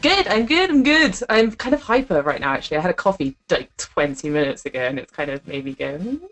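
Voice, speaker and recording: A woman's voice: sits low, sing-song, a little fast, fairly bright tone, soft background music. A young woman co-hosting a casual chat show, giggly and chatty. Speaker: co-host.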